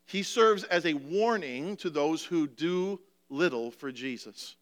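A man's voice: a little high, slow pace. A male preacher delivering a sermon, passionate and pleading, asking rhetorical questions, emotional and near tears.

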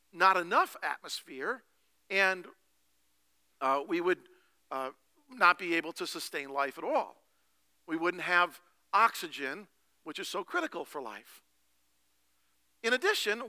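A male pastor giving a sermon with animated storytelling and slow, emphatic phrases. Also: high-pitched, dry recording.

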